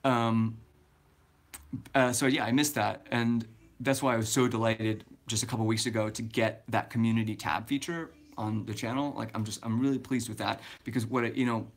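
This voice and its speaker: A man's voice: fairly low pitch, fairly even intonation, normal speed. A man in his twenties chatting casually on a livestream, rambling with many fillers and restarts. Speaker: vlogger.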